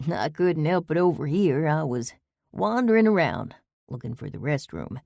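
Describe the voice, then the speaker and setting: A woman's voice: low voice, animated, moderate pace, gravelly, warm tone, dry recording, studio quality. A woman voicing a friendly, teasing male banker in an audiobook. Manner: chummy, teasing. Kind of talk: audiobook character voice.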